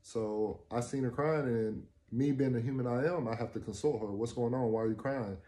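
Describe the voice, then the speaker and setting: A young man in his twenties with a mellow, relaxed tone, spinning a casual personal story. He acts out the dialogue he quotes and gets more and more excited as he goes. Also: mid-range voice, brisk. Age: 20s. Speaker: vlogger.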